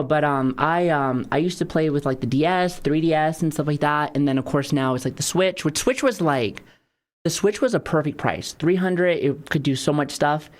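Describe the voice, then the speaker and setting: Playful low-voiced woman streamer. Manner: playful, joking, swearing, chatty with viewers. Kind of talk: casual livestream chat.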